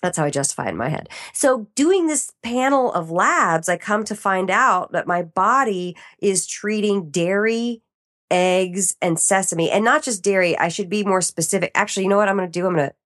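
A woman with a medium-pitched voice and moderate pace is being interviewed as a podcast guest in a laid-back chat. She acts out her reactions animatedly and laughs often.

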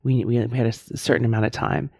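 A woman in her fifties speaks in an earnest, encouraging monologue, circling back to her points and tagging them with "right?". Her voice is warm and soft-edged, recorded dry with no room sound. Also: extremely low pitch, fairly even intonation, fast, vocal fry, no room sound. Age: 50s. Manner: earnest, repeats points for emphasis, asks "right?" often. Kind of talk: reflective motivational monologue.

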